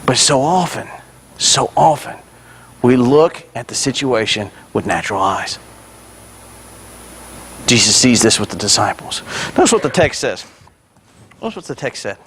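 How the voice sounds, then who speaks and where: A male pastor preaching a sermon with energy, swelling loud on key points and dropping in joking asides to the congregation. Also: medium pitch, lively intonation, measured pace, pauses often, slight background noise.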